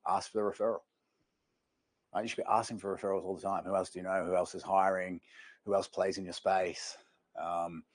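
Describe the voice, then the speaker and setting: Male sales trainer, low voice, rapid energetic workshop delivery. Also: dry recording. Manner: energetic storyteller, addresses the room.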